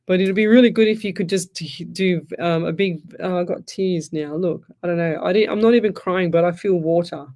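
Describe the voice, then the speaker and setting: A woman's voice: fairly low pitch, fairly even intonation, moderate pace, a little mellow. Chatty Australian woman doing a radio reading. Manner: chatty, rambling, laughs often while telling stories. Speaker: psychic medium radio host. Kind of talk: live radio reading, casual chat.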